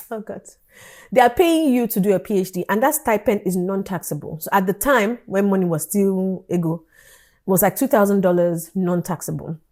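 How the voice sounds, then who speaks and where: A woman, telling a personal story in an animated vlog style and acting out the dialogue. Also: medium pitch. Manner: animated storytelling, acts out dialogue, laughs often. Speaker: vlogger.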